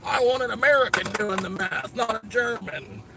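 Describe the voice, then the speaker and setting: A man's voice: high-pitched, normal speed, bright, forceful tone, a little hiss or hum, voice pushed up. A man putting on the voice of a paranoid old-fashioned American man, exaggerated and mocking.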